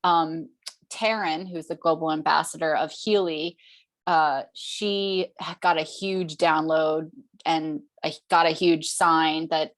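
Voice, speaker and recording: A woman with a notably deep voice speaks on a group call. She tells stories earnestly and encourages the group warmly. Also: fairly even intonation, slow pace. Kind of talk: casual group call chat. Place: online group video call.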